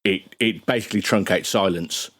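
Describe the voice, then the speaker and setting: A man's voice: low voice, normal speed, a bit bright, no echo. Chatty man with a dry close sound. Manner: rambling, chatty, many restarts. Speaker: podcast guest. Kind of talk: casual podcast chat.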